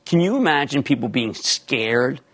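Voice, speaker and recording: An older man hosting a market call-in show, emphatic and rapid-fire, shouting his catchphrases. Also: medium pitch, lively intonation. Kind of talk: loud call-in lightning round and commentary.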